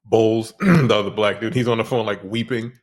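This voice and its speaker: A man's voice: lowish voice, fairly even intonation, brisk. A man co-hosting a casual film review podcast, telling laid-back stories about his own boot camp and laughing through his words. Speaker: podcast co-host, former Marine.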